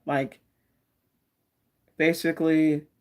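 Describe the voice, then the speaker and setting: A woman's voice: low voice, level tone, extremely slow, a little mellow. A woman hosting a casual live-stream tarot reading. She talks in a chatty, meandering way and greets viewers by name.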